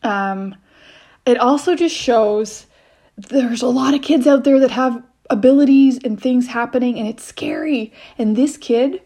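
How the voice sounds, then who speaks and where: Her voice is a little high, warm and unhurried. She's a mother in her thirties, a guest on a podcast, telling a personal story in a loose, rambling way and restarting many times.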